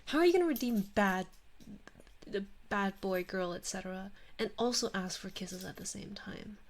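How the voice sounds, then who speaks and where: A woman streamer in whispered role-play, softly whispering and playfully scolding, close to the microphone. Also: medium pitch, normal speed, a little hiss or hum. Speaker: streamer and ASMR artist.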